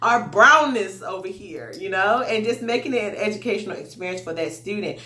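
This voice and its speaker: A woman tells stories from her online teaching in a casual, animated vlog voice. She chats straight to her viewers as if they were friends. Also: mid-range voice, fairly quick. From United States. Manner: animated, chatty, addresses viewers directly.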